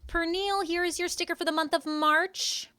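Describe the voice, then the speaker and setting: A woman's voice: very high voice, fairly even intonation, normal speed, pushed and bright, dry recording, clean studio sound. A young woman live streaming from home, chatting casually with her viewers and answering their chat with playful sarcasm.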